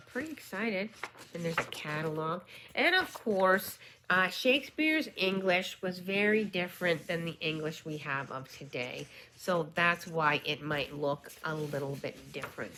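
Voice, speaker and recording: A woman vlogger unboxing and showing a book in a casual chat, gushing with excitement and dropping into whispered asides. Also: sits low.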